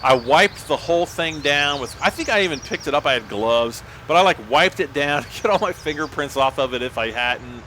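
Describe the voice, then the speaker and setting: Bright-voiced man telling a rambling story. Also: a little high, lively intonation, a little fast, few pauses, slight background noise. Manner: rambling, full of "like" and restarts. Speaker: livestream gamer telling a story. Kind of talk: casual storytelling on a livestream.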